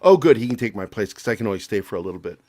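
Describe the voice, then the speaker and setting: A man's voice: lowish voice, sing-song, racing, a little mellow, no room sound. A man guesting on a livestream, joking and teasing in casual chat over a video call. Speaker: guest YouTuber.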